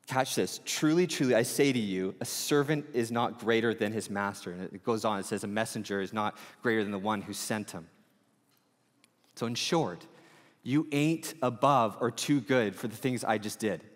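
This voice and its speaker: A male pastor preaching a sermon in a conversational, storytelling way, full of quick asides. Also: lowish voice, in a large hall.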